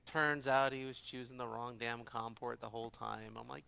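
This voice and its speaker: A man's voice: medium pitch, steady tone, normal speed, gravelly, pushed and bright, smooth. A man playing a tabletop game with friends, chatting casually, teasing and laughing often. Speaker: player. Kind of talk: casual chat among friends.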